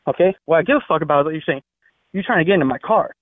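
A man's voice: fairly high pitch, lively intonation, racing, dry recording. A man on a phone call, angry, profane and threatening, ranting at the person who left him a note. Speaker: caller. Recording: tinny phone line.

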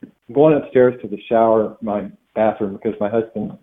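A man's voice: fairly low pitch, normal speed. A man on the phone, answering patiently and plainly, often hesitating with fillers. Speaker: call recipient. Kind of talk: phone conversation. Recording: tinny phone line.

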